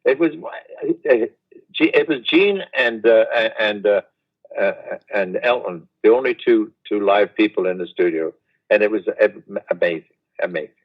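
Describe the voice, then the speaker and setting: An older man, a guest reminiscing in an unhurried, rambling way over a video call. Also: lowish voice, animated, slightly rough, muffled recording. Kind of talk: casual interview chat.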